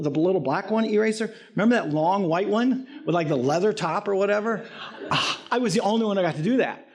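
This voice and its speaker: A man preaching a conversational sermon with joking, self-deprecating asides and frequent rhetorical questions. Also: high voice.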